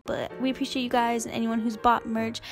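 A woman's voice: fairly high pitch, level tone, soft background music. A young woman vlogger doing a casual merch plug straight to camera, giggly and poking fun at herself. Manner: giggly, self-deprecating, talks fast.

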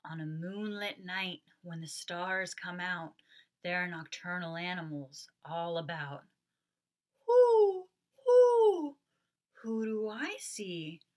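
A librarian leads a family storytime of songs and rhymes for children, speaking slowly in a lowish, sing-song voice. She invites the kids to join in, making playful animal sounds and dropping hushed asides.

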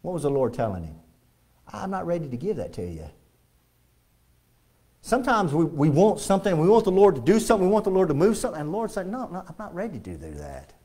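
A pastor preaching a sermon in a church, swinging between loud and hushed delivery and often repeating phrases. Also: male voice, high voice, big pitch swings, quick pace, long pauses. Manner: repeats phrases and restarts lines. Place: church sanctuary.

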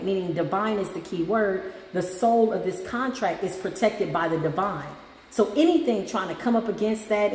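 A woman's voice: medium pitch, a little mellow. A woman hosting a casual spiritual reading on her channel. She talks in a sassy, chatty way and keeps calling her listeners "child" and "y'all". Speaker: spiritual reader and channel host. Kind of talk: casual tarot-reading vlog talk. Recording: echoey room with faint background hum.

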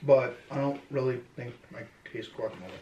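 A man's voice: mid-range voice, brisk, muffled recording. Laid-back man in an echoey room. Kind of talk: casual snack-tasting chat. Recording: echoey room with background noise.

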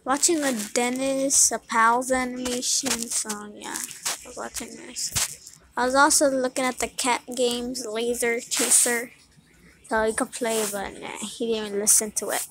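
A woman vlogging casually to camera, chatty and sometimes hushed so she does not wake a sleeping cat. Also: fairly high pitch, little pitch movement, a little slow, noisy background.

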